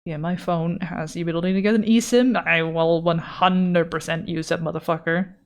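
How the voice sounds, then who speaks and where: A woman's voice: on the low side, fairly even intonation, moderate pace. A young adult woman streamer chatting casually and self-deprecatingly while drawing live, swearing now and then and reading chat aloud. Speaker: art streamer.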